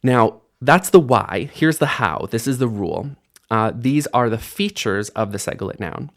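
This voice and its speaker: Man teaching a relaxed video lesson. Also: mid-range voice, moderate pace. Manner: friendly explainer, drills words by repeating them with stress. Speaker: Hebrew teacher. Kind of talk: casual online language lesson.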